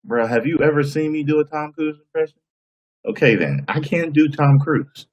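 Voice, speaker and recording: A man's voice: fairly high pitch, lively intonation, normal speed, a little mellow. A man chatting casually with his live-stream viewers, reading their names and laughing often. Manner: laughs often, answers chat by name.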